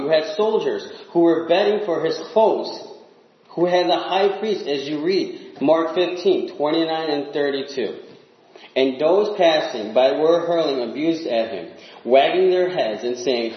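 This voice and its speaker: A man preaching a sermon in an earnest, emphatic way, dropping low and quiet on the words he stresses. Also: expressive, measured pace. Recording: echoey room, dull lo-fi sound.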